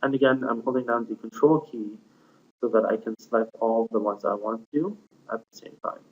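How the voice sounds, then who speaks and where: A man walks through a software tutorial one step at a time in a plain, unhurried way, dropping in frequent fillers. His voice sits at an ordinary middle pitch. The audio is thin and tinny, as if it came down a phone line. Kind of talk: screencast software walkthrough.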